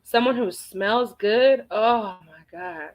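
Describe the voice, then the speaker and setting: A woman's voice: medium pitch, slow pace, rough recording. A woman hosting a casual livestream, reading viewer comments aloud and answering them with chatty, playful exclamations. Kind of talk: casual chat.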